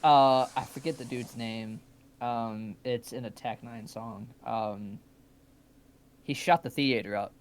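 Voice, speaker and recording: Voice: mid-range voice, fairly even intonation, takes it slowly, slight background noise. A co-host chatting casually and swearing often. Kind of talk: casual chat.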